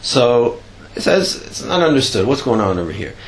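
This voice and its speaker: A man teaching a Torah class in a medium-pitched voice. He tells stories in a loose, conversational way, full of fillers and restarts. His voice leaps upward whenever he drives a point home. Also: very animated, normal speed. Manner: storytelling with many fillers and restarts; voice rises sharply when stressing a point.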